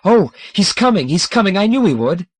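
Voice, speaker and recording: A man voicing an emotional, excitable young female alien with a breathless, exclamatory manner. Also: medium pitch, moderate pace, no room sound, clean studio sound, natural voice. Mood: overjoyed.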